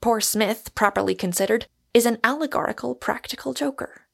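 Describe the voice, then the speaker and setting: A woman reading an audiobook, voicing a reflective gentleman who lays out a theory. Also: a little high, brisk, vocal fry. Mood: musing. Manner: reflective, lecturing. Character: musing, witty gentleman explaining a theory.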